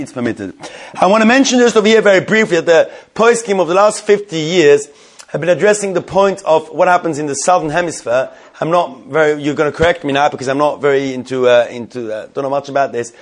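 Man teaching a halacha class, fillers. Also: fairly high pitch. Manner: questioning, thinking aloud with many fillers. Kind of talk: Talmudic-style halacha class.

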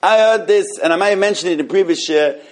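A man teaching an informal Torah class, animated and halting, often restarting his sentences. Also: high voice.

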